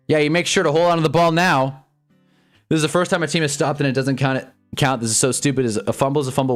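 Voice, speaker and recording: A young man commentating live on football games for his stream, ranting at the refs and reacting fast to each play. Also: medium pitch. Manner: frustrated, ranting, quick reactions. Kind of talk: live sports watch-along commentary.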